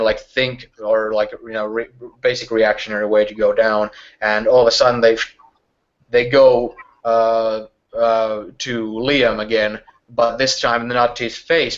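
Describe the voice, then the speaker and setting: A man acting as game master, narrating a tabletop game in a rambling way full of hedges and restarts. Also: mid-range voice. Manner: rambling, many fillers and restarts. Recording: dull lo-fi recording.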